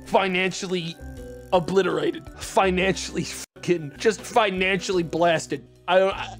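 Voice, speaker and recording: A man streaming a fishing game, chatting to his viewers, swearing and shouting in frustration and excitement. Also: on the high side, normal speed, soft background music. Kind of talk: gaming livestream commentary.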